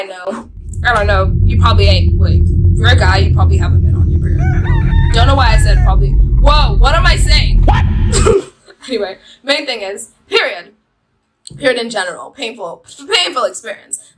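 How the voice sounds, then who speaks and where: Young woman, vlogger, high voice, rambling casual chat, giggly. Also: rough recording. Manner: giggly, rambling, chatty with many fillers. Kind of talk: casual storytelling to camera.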